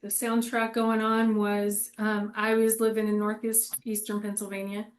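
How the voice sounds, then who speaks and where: A woman's voice: medium pitch, monotone, normal speed. A woman in her forties chatting casually and candidly, rambling and laughing often. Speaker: co-host. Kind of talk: casual chat.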